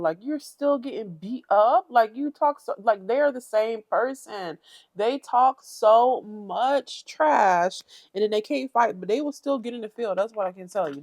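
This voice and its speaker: A woman giving a casual, chatty recap of a reality show, often imitating the cast in a higher voice. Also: normal speed, no room sound. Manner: chatty, animated, mimics cast members in high voices.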